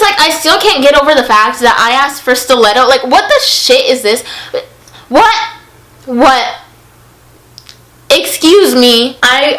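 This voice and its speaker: Young woman ranting on her vlog, highish bright voice, annoyed, says like a lot. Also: low-quality recording. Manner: animated, frequent "like", acts out quotes. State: irritated. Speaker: vlogger. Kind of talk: storytime rant.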